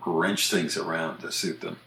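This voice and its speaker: A man hosting a podcast about language, chatting casually and walking through examples one by one in a relaxed, explanatory way. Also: very deep voice, moderate pace, slight background noise. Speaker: podcast host discussing language usage. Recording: roomy echo.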